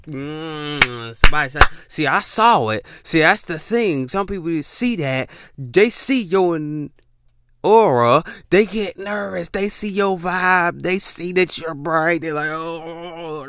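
A man talking casually about spiritual matters in a preachy, animated way, drawling and repeating himself. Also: medium pitch, no echo, clean studio sound. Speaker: podcast host.

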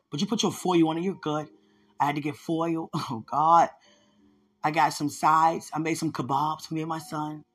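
Husky woman telling her own testimony on a podcast, earnest and chatty, keeps talking right to the listener, faint music under her. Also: deep voice. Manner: earnest, conversational, addresses listeners directly. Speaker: podcast host sharing a testimony. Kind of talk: personal testimony storytelling.

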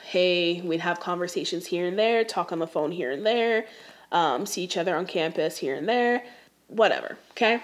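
A woman's voice: fairly low pitch, moderate pace. A young adult woman telling a dating story in a casual, slangy rant, exasperated and talking straight to the viewer.

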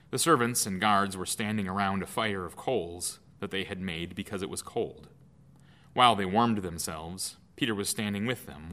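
A man reading a Bible passage aloud in a measured, clear way, as a lesson. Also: low voice, pushed and bright. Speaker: scripture reader. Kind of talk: scripted scripture reading.

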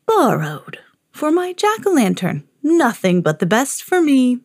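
A woman voicing a forgetful nine-hundred-year-old male wizard who speaks slowly in an airy, half-whispered way. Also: sits high, wildly swooping pitch, husky, no room sound, studio quality, voice pushed up, exaggerated voice. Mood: dreamy.

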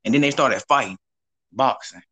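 A man's voice: medium pitch, moderate pace, breathy edge. A young man hosting a podcast, telling stories in a loose, profane, casual chat. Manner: loose, profane storytelling with animated swings. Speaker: podcast host.

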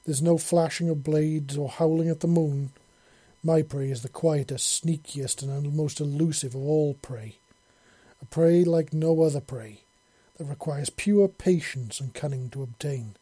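A wry older fisherman brags and teases in a jaunty, raised voice, as a male narrator puts him on. The tone is mellow and a little husky. It sounds dry and close, like a home storybook reading. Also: on the high side, unhurried, no room sound. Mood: boastful. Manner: jaunty and boastful.

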